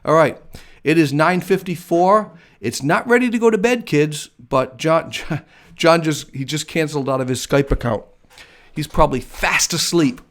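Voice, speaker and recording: A man's voice: fairly high pitch, moderate pace. An American man hosts a casual live chat show with a slightly raised voice. He rambles in a chatty, enthusiastic way and laughs often. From United States. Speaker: host.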